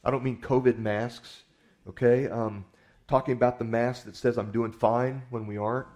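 A man's voice: medium pitch, steady tone, moderate pace, darkish tone. Folksy, conversational male preacher. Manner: conversational storytelling, folksy, repeats words. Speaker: pastor. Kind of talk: sermon.

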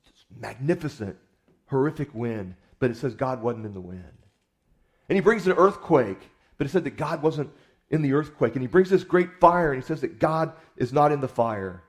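A male pastor preaching in a relaxed, storytelling way, talking to the congregation like neighbors. He is folksy and conversational, often doubling back on his own words mid-sentence, with a voice sitting right in the middle of the usual range. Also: mid-range voice, normal speed. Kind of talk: sermon.

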